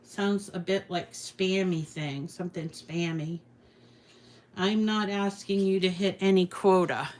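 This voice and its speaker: A middle-aged woman leads a relaxed crafting lesson at an unhurried pace. She chats and rambles as she works, now and then teasing herself about her clutter. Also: fairly low pitch. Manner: chatty, rambling, self-deprecating. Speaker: craft channel host. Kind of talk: casual crafting tutorial with live chat.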